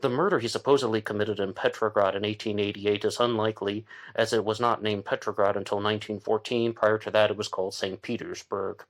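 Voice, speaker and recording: Lower-voiced man hosting a true-crime talk. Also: steady tone, fairly quick, hardly any pauses. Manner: conversational, thinking aloud with fillers and restarts. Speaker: podcast host.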